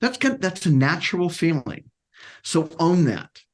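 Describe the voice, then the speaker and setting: Animated man career coach. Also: fairly high pitch, a little slow. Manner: animated, acts out quotes with restarts. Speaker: career coach, podcast guest. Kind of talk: casual interview talk.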